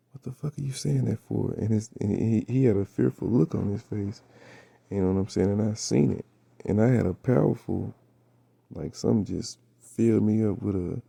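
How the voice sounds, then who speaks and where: A man with a raspy voice, just woken up, casually retelling a dream in slangy, profane storytelling full of fillers. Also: on the low side, mellow, no room sound. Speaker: vlogger recounting a dream.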